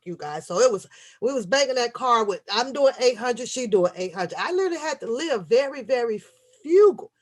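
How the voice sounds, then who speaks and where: A woman in her thirties who rants and tells stories to her viewers, swearing freely and sounding animated. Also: fairly high pitch, a little fast. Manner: profane, animated, talks straight to viewers. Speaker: vlogger. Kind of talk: casual storytelling rant.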